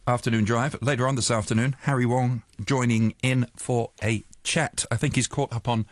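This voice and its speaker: A man hosts an afternoon radio show in a studio, talking casually and often stumbling over his own sentences before he finds his way. His voice sits at an ordinary middle pitch. The microphone sound is close and dry, with no room echo. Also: steady tone, normal speed. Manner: rambling, self-correcting, chuckling at listener jokes. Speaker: radio drive-time host.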